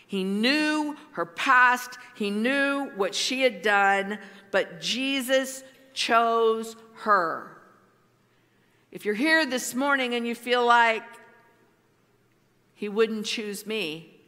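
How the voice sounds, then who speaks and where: A woman pastor preaching a sermon slowly and emphatically, with dramatic pauses. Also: fairly high pitch, bright, forceful tone. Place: large church hall. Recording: long hall reverb.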